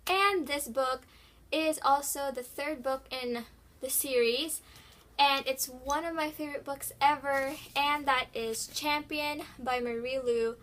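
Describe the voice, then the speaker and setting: A woman's voice: high-pitched, measured pace, a bit bright. A teenage girl chatting casually and gushing about books on her vlog, with lots of fillers and restarts. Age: teens. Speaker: book vlogger. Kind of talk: casual chat.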